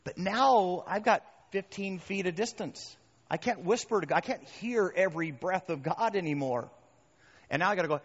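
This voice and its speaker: A male pastor preaching a sermon in a conversational, animated way, often checking in with the crowd. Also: high-pitched, moderate pace. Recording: reverberant hall, dull muffled sound.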